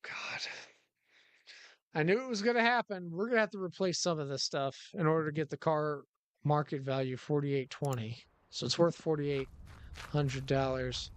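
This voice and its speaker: A man's voice: fairly high pitch, moderate pace, clean tone, dry recording, low-quality recording. Sarcastic, swearing male game streamer. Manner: rambling, sarcastic, swears freely. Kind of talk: live gameplay commentary.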